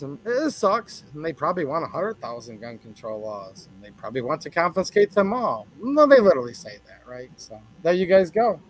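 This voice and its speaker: A man hosts a casual livestream, chatting with viewers, greeting them by name, and joking around in a rambling way. His voice sits high and is a bit bright. The recording is rough.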